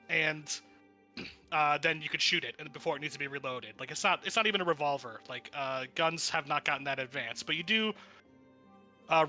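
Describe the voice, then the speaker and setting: Bright-voiced man running a tabletop game. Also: a little high. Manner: rambling, lots of fillers and restarts. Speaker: game master.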